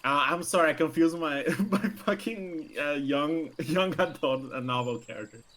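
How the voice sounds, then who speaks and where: A man's voice: a little high, a bit bright. A man chatting casually on a stream, teasing and stumbling over his words. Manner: halting, stammers and restarts, teasing. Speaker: co-host. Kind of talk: casual chat.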